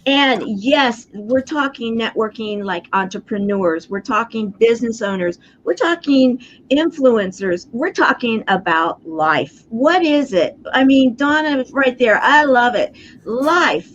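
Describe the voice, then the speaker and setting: A woman's voice: on the high side, lively intonation, measured pace, a little hiss or hum. A woman hosting a talk show, effusive and emphatic in casual chat. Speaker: host. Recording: dull lo-fi audio.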